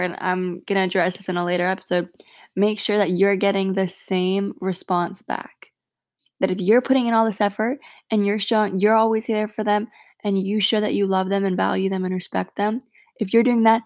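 Frank young woman with a gravelly edge. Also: mid-range voice, darkish tone, no room sound, studio quality. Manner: frank and heartfelt, swears freely, many "like" fillers. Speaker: podcast host. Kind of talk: casual solo podcast monologue.

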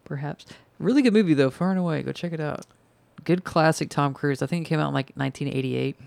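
A man's voice: a little high, fast talker, gravelly, darkish tone, clear, resonant tone, dry recording. A young man co-hosting a casual podcast, chatting about movies. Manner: chatty, recommends films. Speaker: podcast co-host. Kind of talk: casual chat watching a movie.

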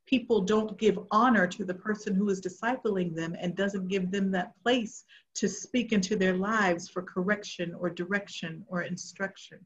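Woman preaching, middle-aged, earnest testimony, goes soft at tender bits, kinda muffled lo-fi audio. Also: medium pitch, fairly even intonation, normal speed. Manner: earnest, storytelling, drops to soft tones for emotional moments. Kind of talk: sermon with personal testimony. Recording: muffled lo-fi sound.

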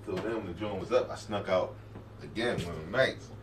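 A man's voice: low-pitched, brisk, distant mic. A young man casually telling a long story, laughing often and acting out what others said. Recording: noisy room, mic set back.

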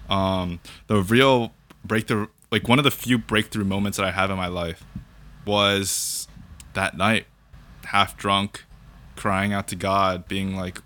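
Man, young adult, low pitch, bright tone, reflective, casual faith talk. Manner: reflective, thinks aloud with fillers and repeated "right?". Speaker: guest sharing his faith story. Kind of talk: casual conversation about faith.

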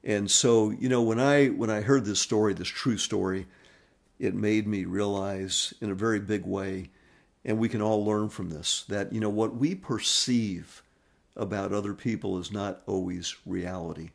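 A man's voice: on the low side, steady tone, moderate pace, vocal fry. A man hosting a podcast, telling a story in a rambling monologue full of fillers and restarts. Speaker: podcast host.

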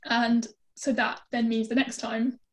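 A British woman tells stories in a loose, chatty flow. Her voice sits a little high, and she fills every pause with easy fillers. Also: slight background noise. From Britain. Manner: chatty, lively, many fillers. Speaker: guest. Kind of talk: casual storytelling chat.

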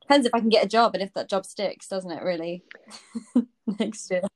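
A woman's voice: medium pitch, a little fast. A young woman in casual chat, talking about travel with many fillers and laughs. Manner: chatty, frequent fillers and laughs.

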